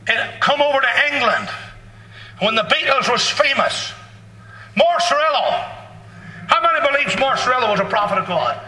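A man preaching a sermon in a fervent, blunt and folksy way, bursting into shouts. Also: very high voice, slight background noise. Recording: echoey hall, distant mic.

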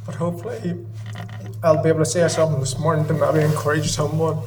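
A man's voice: fairly high pitch, flat delivery, fast, distant mic, noisy background. A man giving an earnest, emotional sermon in a church service, often repeating his phrases. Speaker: lay preacher.

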